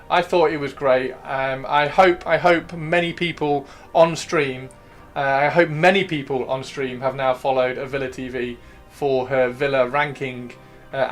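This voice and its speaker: A man's voice: medium pitch, fairly bright tone. A man hosting a casual livestream, chatting and joking in a rambling, playful way and repeating himself as he talks. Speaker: livestream host.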